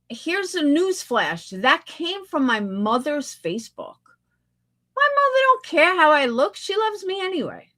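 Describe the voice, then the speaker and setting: A livestream host with a high, fairly bright voice talks back bluntly, sarcastically and profanely. It's casual livestream commentary from a woman.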